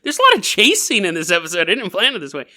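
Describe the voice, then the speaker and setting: A bright-voiced man hosts a podcast, spinning a strange tale with a lively, swooping delivery. He giggles through his lines and keeps wandering off on jokey tangents. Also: sits high, rapid-fire. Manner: riffs and goes off on tangents. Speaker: podcast host. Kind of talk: comedic storytelling narration.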